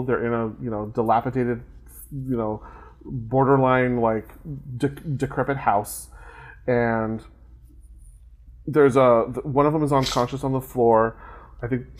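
A man co-hosting a podcast, casually recapping a film plot with lots of fillers and restarts. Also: medium pitch. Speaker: podcast co-host.

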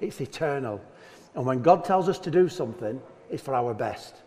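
A man preaching a sermon as pastor, animated and joking as he talks to his church. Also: mid-range voice, normal speed. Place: church hall. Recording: long hall reverb.

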